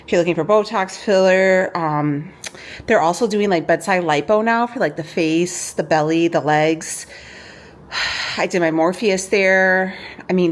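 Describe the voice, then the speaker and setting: A woman vlogging casually, showing a shopping haul and ranting in a chatty way with lots of "okay?" asides. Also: medium pitch. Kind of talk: casual chat.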